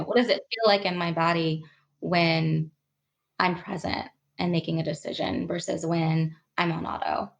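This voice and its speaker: A woman with a fairly low, creaky voice guests on a podcast, reflecting earnestly and emotionally on her own personal growth. The conversation is thoughtful, and she laughs often.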